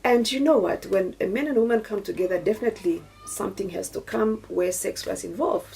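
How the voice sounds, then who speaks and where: A middle-aged woman from Namibia, a YouTuber with a Namibian accent, recounts a personal story to camera as a testimony, preaching earnestly and giving frequent thanks to God. Her mid-range voice has vocal fry and a slightly mellow quality, in a low-quality recording.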